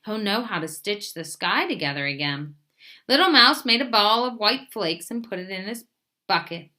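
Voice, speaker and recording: A woman librarian reading a children's story aloud in an expressive storytelling manner. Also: fairly high pitch.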